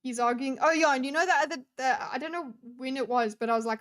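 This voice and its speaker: A woman's voice: high-pitched, fast, a bit bright. A young adult woman giving casual reaction commentary on a debate video, talking bluntly with plenty of swearing and exasperation. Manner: blunt, profane, exasperated ranting.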